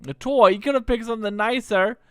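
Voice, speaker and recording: A jumpy young male adventurer, flustered and nervously polite, as a man puts him on. His voice is smooth, a little raised, and recorded close and dry. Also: extremely high pitch, fairly quick, dry recording, voice pushed up. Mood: disgusted.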